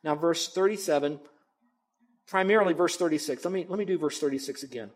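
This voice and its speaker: A man's voice: fairly high pitch, fairly quick. Earnest, emphatic male pastor. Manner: earnest and emphatic, swinging between loud stresses and quiet asides. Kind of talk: expository sermon.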